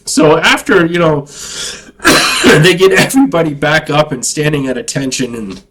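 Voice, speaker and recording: High-voiced man telling a rambling war story. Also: measured pace, fairly bright tone, low-quality recording. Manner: rambling, profane, self-mocking. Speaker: army veteran storyteller. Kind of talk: casual storytelling monologue.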